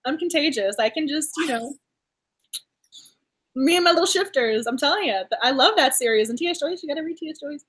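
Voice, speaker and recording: A woman's voice: high voice, lively intonation, fairly quick, fairly bright tone. A young woman hosting a casual book club chat, effusive and gushing, laughing often as she talks. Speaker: booktuber host.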